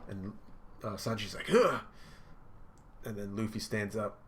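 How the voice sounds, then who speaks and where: Excited man hosting a manga reaction. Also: fairly low pitch, moderate pace, a little hiss or hum. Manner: excited, narrates action with sound effects. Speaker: manga reaction video host. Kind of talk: casual reaction commentary.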